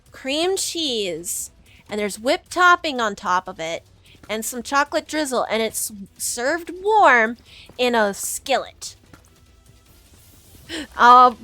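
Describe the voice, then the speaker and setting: A young woman streaming and chatting away to her viewers, her voice bright and a little high. She rambles and giggles, tripping over her own sentences, while soft music plays faintly behind her. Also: dry recording. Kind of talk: casual livestream chat with chat.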